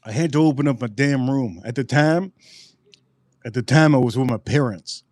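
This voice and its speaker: A man spinning a story on a live stream, animated and profane. He circles back and repeats his lines for emphasis, and his voice sits in a middle pitch. The sound is dry and close. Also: normal speed, no room sound.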